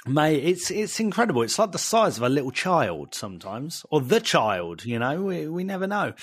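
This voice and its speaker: British guy on a podcast, bouncy up-and-down voice, a bit husky, dry sound. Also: a little high, normal speed, no echo. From United Kingdom. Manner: lively, jokey, playful slang. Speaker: podcast co-host. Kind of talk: casual podcast chat.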